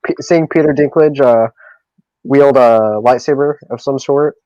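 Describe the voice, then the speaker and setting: A man's voice: mid-range voice, fairly even intonation, unhurried, dark tone, no room sound, muffled recording. A man joking playfully and boasting in a casual live-stream chat.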